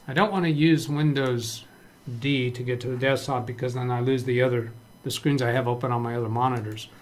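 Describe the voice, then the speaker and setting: A man's voice: mid-range voice, steady tone, brisk. A man hosting a casual live-stream computer tutorial, thinking aloud as he works, reading chat messages and often restarting his sentences. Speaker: live stream tech trainer. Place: home office with several monitors.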